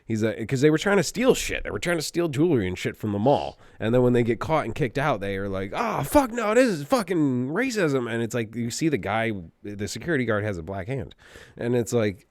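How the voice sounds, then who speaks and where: A man's voice: lowish voice, a little fast, dry recording, studio quality. A man co-hosting a podcast, chatting crudely and telling stories with lots of swearing. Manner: profane, animated storytelling with jokey voices. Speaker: podcast co-host. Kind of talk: crude casual banter.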